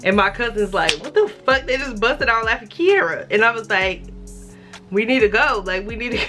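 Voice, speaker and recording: A woman's voice: a little high, fairly quick, music in the background. A young adult woman vlogger telling a casual, profane storytime, acting out the voices of the people in it.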